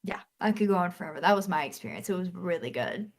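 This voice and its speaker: A young woman co-hosting a gaming podcast, telling a lively story and acting out the lines. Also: fairly low pitch, fast, creaky. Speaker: podcast co-host. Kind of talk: casual chat.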